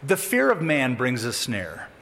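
A man preaching a sermon with a lively, dramatic delivery that rises and drops sharply. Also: mid-range voice, unhurried, a little hiss or hum. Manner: animated, dramatic with sudden drops. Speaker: pastor. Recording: long reverb of a hall.

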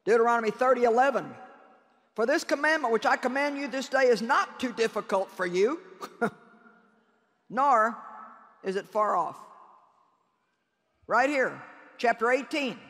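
A woman's voice: on the high side, expressive, measured pace, long pauses, a bit bright. A woman preaching a sermon to a conference crowd, addressing listeners directly and emphatically with laughing asides. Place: large conference hall. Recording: long reverb in a large hall.

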